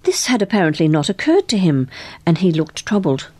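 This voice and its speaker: A woman narrating an audiobook in a measured storytelling manner. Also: on the low side, sing-song, a little mellow, husky. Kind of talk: scripted narration.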